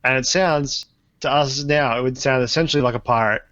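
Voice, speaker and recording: A man's voice: mid-range voice, fairly even intonation, fairly quick, fairly bright tone, no echo, lo-fi sound. A man co-hosting a casual comedy podcast, rambling through a story with frequent laughs and restarts. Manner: rambling, laughs often, trails off mid-sentence. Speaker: podcast co-host.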